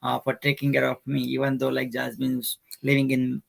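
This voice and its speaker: A man's voice: mid-range voice, completely flat delivery, moderate pace, vocal fry. A man from India with an Indian accent, co-hosting a live stream and telling a story with lots of fillers. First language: not English. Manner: storytelling, frequent fillers, warm and expansive. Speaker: co-host. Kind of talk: casual conversation on a live stream.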